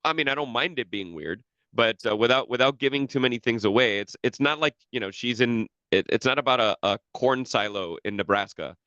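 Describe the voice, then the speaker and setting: A man chatting on a podcast, rambling and cursing freely, circling back over his own half-finished sentences. His voice sits in a middle pitch, and the recording sounds dry and a bit dull. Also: a little fast, few pauses, a bit bright, clear, resonant tone, no echo. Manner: rambling, profane, many restarts. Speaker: podcast co-host. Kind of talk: casual chat.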